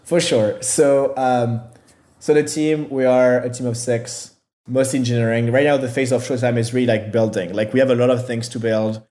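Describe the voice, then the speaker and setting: Male founder guest, mid-pitch, halting delivery full of "like" and restarts. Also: steady tone, warm tone. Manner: hesitant, filler-heavy, self-deprecating. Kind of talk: casual interview answers.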